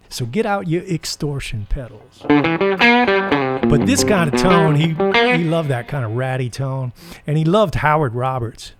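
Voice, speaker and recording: A man's voice: on the high side, lively intonation, measured pace, dry recording. A man hosting a guitar channel, casually telling rambling anecdotes full of fillers. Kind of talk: casual storytelling.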